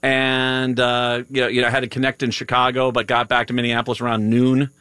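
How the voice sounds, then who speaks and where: A man's voice: mid-range voice, monotone, brisk, pushed and bright, dry recording. A tired man hosting a live radio show, chatting casually and rambling with many restarts. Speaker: radio host. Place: radio studio.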